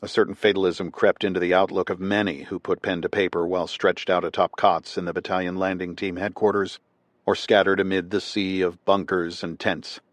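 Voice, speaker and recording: Deep-voiced male audiobook narrator. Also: no room sound. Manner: measured, steady reading. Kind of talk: scripted nonfiction narration.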